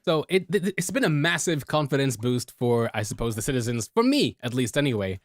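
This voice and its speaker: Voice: mid-range voice, very animated, fairly quick, no echo, clean studio sound. A co-host on a casual gaming podcast, playful and a little hesitant, laughing along.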